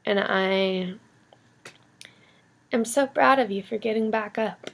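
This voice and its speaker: Earnest young woman with vocal fry. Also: mid-range voice, steady tone, takes it slowly, long pauses. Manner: earnest, rambling, softly encouraging. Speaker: vlogger. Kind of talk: heartfelt motivational vlog talk.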